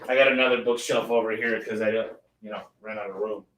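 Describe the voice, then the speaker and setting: A man's voice: on the low side, steady tone, fairly quick, fairly bright tone. A man hosting a casual live question-and-answer stream, talking loosely and reading lists aloud.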